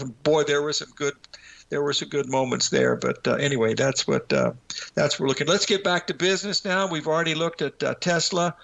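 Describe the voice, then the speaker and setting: Gravelly older man talking charts. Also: on the high side, a bit bright. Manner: folksy and rambling, addresses viewers as folks. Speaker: market analyst host. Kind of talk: casual chart commentary with a told joke.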